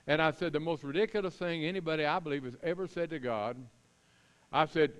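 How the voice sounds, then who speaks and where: A middle-aged man preaching a sermon as pastor, chatting with the congregation, then reading scripture loudly and with emphasis. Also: fairly high pitch, a little fast, smooth.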